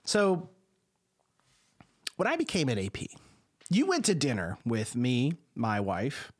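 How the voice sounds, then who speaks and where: A man's voice: mid-range voice, takes it slowly. A man hosting a podcast who works as a school administrator, telling a story casually and acting out the people in it. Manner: animated, acts out the people in his stories.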